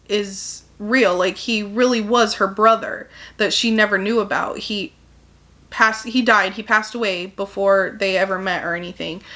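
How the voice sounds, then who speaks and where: Bright-voiced chatty woman reviewer. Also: mid-range voice. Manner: chatty, peppered with "like", acts out quotes. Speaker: book reviewer. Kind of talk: casual plot summary.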